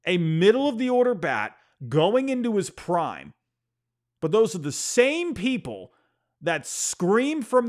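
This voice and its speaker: On his own sports podcast, a man delivers an exasperated, casual opinion rant, often stumbling and repeating words. His slightly high voice swoops up and down constantly, and he's animated, even apologizing for ranting.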